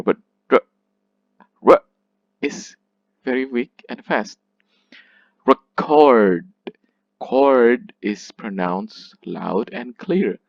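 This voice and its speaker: A man teaching a literature class at an unhurried pace, often repeating himself. The sound is dry with no room echo, and a little muffled and dull. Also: lowish voice. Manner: slow, repeats words, restarts. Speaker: literature lecturer. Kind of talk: classroom lecture.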